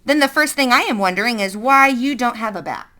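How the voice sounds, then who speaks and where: A woman voicing a sharp, probing middle-aged woman with a wooden leg, questioning a boy sardonically in a read-aloud story. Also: a little high, expressive, fairly quick. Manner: sardonic, interrogating.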